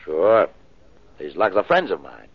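An actor in an old radio drama playing a blunt, gruff fence who talks street slang. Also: male voice, low voice, huge pitch swings, measured pace, no echo, full character voice. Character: gruff middle-aged male fence, blunt tough guy. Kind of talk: 1940s radio acting. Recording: dull old radio broadcast.

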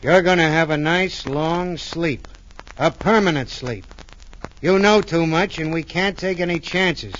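A man playing a short-tempered, menacing spy in 1940s radio acting style, gruff and snapping out threats. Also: on the high side, a little slow, a bit bright, a little hiss or hum. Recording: muffled old radio recording.

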